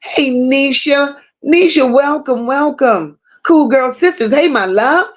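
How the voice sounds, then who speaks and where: High-voiced woman greeting livestream viewers slowly. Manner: reads chat names aloud, affectionate slang and swearing. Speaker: livestream host.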